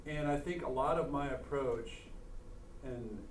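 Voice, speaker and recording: A man's voice: mid-range voice, slight background noise. Earnest man in an echoey room. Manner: earnest, halting, many restarts. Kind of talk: casual faith conversation. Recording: echoey room, mic at a distance.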